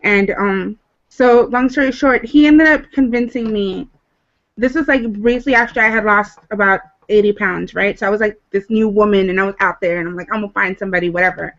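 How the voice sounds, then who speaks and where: A woman poet, a guest on a livestream, tells her stories in a chatty, frank way and swears freely. Her voice sits in a middle pitch. The sound is lo-fi and somewhat dull. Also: fairly quick, fairly bright tone. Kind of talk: casual chat on a livestream.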